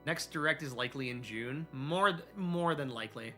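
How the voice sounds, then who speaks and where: A man streaming a video game, chatting casually and excitably with his viewers and joking around. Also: mid-range voice, normal speed, soft background music. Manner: excitable and jokey, reading chat aloud. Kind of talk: casual live-stream chat while gaming.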